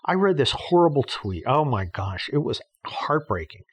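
A man's voice: mid-range voice, big pitch swings, normal speed, breathy edge. Blunt, sarcastic man ranting on a podcast. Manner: blunt, sarcastic, profane ranting with frequent restarts. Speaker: podcast host. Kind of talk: casual monologue.

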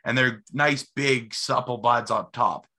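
Bright-voiced curious male host. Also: mid-range voice, measured pace. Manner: curious, thoughtful questions and follow-ups. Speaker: podcast host. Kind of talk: casual interview chat.

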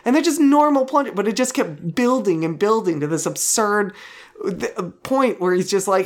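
A man's voice: high-pitched, animated, normal speed. Rambling man in casual podcast chat. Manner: rambling, restarts sentences while thinking aloud. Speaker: podcast co-host.

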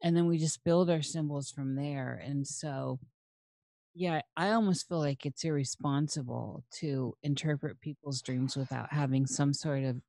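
Low-pitched woman host, earnest and reflective, dry recording. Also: measured pace, gravelly, warm tone, no room sound. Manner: thoughtful, earnest, swears casually. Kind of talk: casual conversation.

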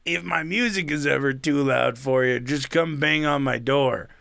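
An odd, early-drinking neighbor man with a friendly, loose manner, put on by a man telling a story. The voice sits a little higher and brighter than the teller's own, and the room is dry. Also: moderate pace, gravelly, dry recording.

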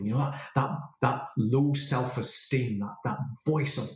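A man's voice: mid-range voice, measured pace, few pauses. A man, a confidence coach telling a personal story and acting out the dialogue in it. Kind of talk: storytelling monologue. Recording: roomy echo.

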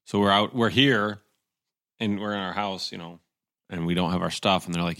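A man with a fairly low voice tells a story in casual podcast talk. He is animated and jumps into raised voices for the people he quotes. The sound is close and dry, with no room echo. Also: fairly quick.

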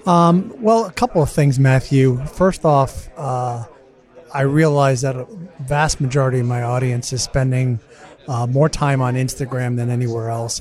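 Measured man explaining his strategy. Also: mid-range voice, darkish tone. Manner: measured, explanatory, with ums and restarts. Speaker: podcast host, interview guest. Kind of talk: convention interview.

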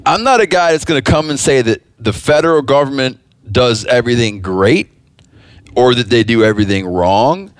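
A man's voice: mid-range voice, lively intonation, moderate pace, no room sound. A man hosting a casual podcast, talking in a rambling way with many restarts and dry jokes. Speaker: podcast host.

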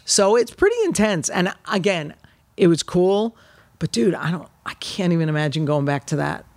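Middle-aged woman comic, loud brash storytelling, lots of swearing, dry close sound. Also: lowish voice, no echo. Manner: brash, animated storytelling with profanity. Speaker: comedian guest. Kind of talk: casual chat.

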